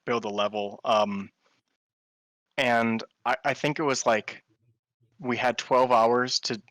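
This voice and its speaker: A man chatting as a guest in an interview, enthusiastic and quick to laugh, with some fillers. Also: mid-range voice, steady tone, a bit bright, dry recording, low-quality recording. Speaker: guest, hologram artist. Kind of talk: casual interview chat.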